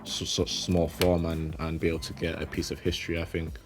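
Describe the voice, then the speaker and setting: A young man with a low, flat voice answers questions in an easygoing, halting way, often repeating words as he finds them. Soft music plays underneath. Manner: relaxed, repeats words as he thinks, laughs easily. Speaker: professional footballer and card collector. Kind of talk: casual interview chat.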